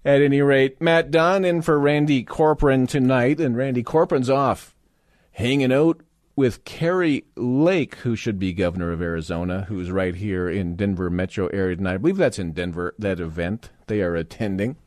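A man hosting talk radio from a dry, close-miked studio. His monologue wanders and often turns sarcastic, mocking as he goes, in a mid-pitched voice. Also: normal speed, darkish tone, no echo. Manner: sarcastic, rambling, mock-indignant asides. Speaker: radio talk show guest host. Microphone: studio microphone.

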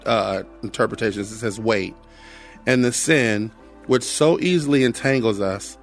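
A man's voice: on the low side, unhurried, soft background music. An earnest middle-aged American man sharing a personal testimony, reflective, often repeating phrases. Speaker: guest sharing his testimony.

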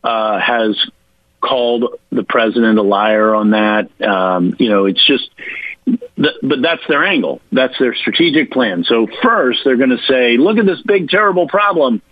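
A man from Virginia makes his case on a talk radio show, pressing each point hard and slowing down to spell things out. The sound is dull and muffled like a radio line, and the room is dry. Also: medium pitch, no room sound. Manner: emphatic, mocking quoted voices, spells points out slowly. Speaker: political guest. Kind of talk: radio interview, argumentative explaining.

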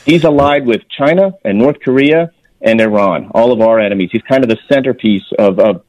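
A man's voice: mid-range voice, brisk, dry recording, muffled recording. A man speaking as a guest on a radio interview, earnest and emphatic, restarting phrases as he argues his point. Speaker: guest, former intelligence officer.

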